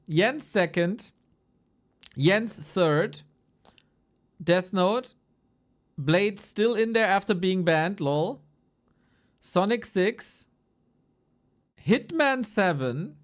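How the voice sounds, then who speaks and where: On a live stream, a woman who casts esports talks loosely and playfully in a mid-range voice, chuckling and cursing while running down the rankings.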